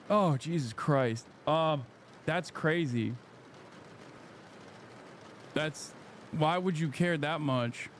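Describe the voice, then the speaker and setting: A man hosting a casual livestream, reacting with sarcastic, deadpan asides. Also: a little high, drawn-out words, long pauses, slight background noise. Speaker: streamer host.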